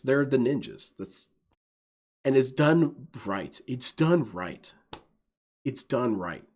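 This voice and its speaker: A man giving enthusiastic, rambling let's-play commentary, often laughing. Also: lowish voice. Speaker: gaming video host.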